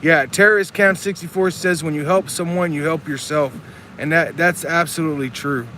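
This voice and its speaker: Man, casual live-stream chat, somewhat high voice, earnest rambling, faint outdoor hum behind. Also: steady tone, moderate pace, sharp tone. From Texas. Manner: rambling, earnest, reads chat comments aloud.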